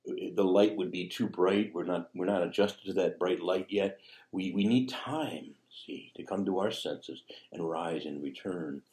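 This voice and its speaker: A man's voice: low-pitched, a little slow, a little mellow. A man preaching a sermon as a priest, speaking conversationally and tossing in rhetorical asides. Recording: echoey room.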